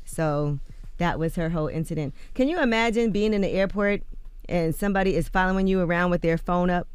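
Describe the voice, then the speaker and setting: A woman with a fairly low, clear and resonant voice co-hosts a morning radio show, speaking briskly into a studio microphone with no echo. Reading the rumor report, she runs through celebrity news and quotes in a chatty way with loose fillers.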